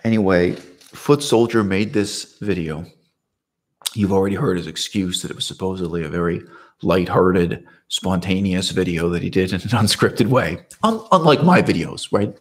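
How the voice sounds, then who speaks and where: A man's voice: sits low, normal speed, husky. A man talking to camera in a casual, unscripted monologue, rambling with restarts and asides. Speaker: video essayist.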